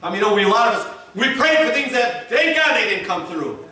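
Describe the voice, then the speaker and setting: Preaching in a church sanctuary, a man speaks in a high, very animated voice that is brisk and sharp. As pastor he's emphatic, having the congregation echo his words, and the recording comes from a distance in the reverberant hall.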